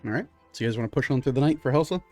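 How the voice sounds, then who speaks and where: A man as game master, narrating a tabletop game in a relaxed way with many fillers. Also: medium pitch, racing, faint music behind.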